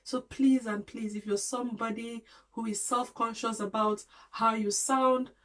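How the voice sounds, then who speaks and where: A woman's voice: a little high, steady tone, unhurried, poor audio. A woman vlogger giving an earnest, encouraging talk to camera, loosely spoken with restarts and small grammar slips, repeating her points for emphasis.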